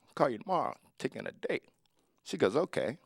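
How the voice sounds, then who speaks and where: A man's voice: medium pitch, fast, creaky, no echo, clean studio sound. A man in his forties doing a stand-up comedy set, telling stories with acted-out voices. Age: 40s. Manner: lively storytelling with acted-out voices.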